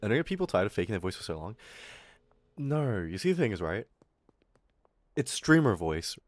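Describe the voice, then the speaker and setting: Lively, laughing male streamer. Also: lowish voice, no room sound. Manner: rambling, profane, quick to laugh; talks in a put-on streamer voice. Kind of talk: casual live-stream chat.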